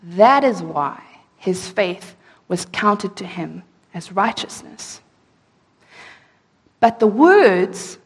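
A woman preaching a sermon, reading scripture slowly and emphatically and asking rhetorical questions. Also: mid-range voice, breathy edge. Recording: echoey hall.

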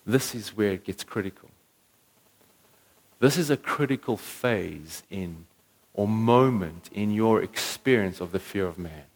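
A man's voice: fairly low pitch, expressive, measured pace. A male preacher giving an earnest sermon that builds to emphatic peaks.

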